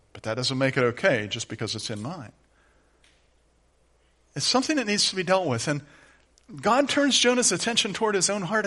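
Bright-voiced preaching man, questioning. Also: high-pitched. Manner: conversational, animated, asks the listeners direct questions. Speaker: pastor. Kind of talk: sermon.

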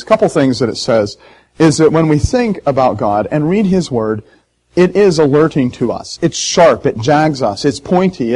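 A man who is a pastor, preaching a sermon in an emotional, emphatic way with sharp swings in loudness. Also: on the high side, low-quality recording. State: hoarse.

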